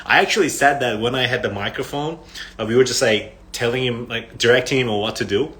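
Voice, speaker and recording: Bright-voiced young man chatting on livestream. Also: medium pitch, fast. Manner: rambling storyteller, heavy "like" fillers, laughs often. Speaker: musician livestreaming to fans. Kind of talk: casual livestream chat.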